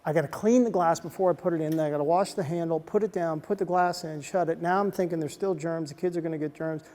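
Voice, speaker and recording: A man giving a motivational talk to soldiers, telling stories in an animated way and dropping to a soft hush at emotional moments. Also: on the high side, quick pace. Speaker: speaker addressing soldiers. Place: large hall on a military base. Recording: long reverb of a large hall.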